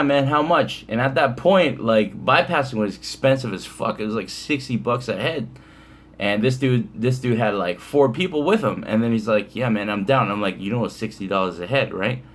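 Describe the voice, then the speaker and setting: Laid-back man telling a profane story. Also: fairly low pitch. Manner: laid-back, profane, rambling with many fillers. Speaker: vlogger. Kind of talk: casual storytime.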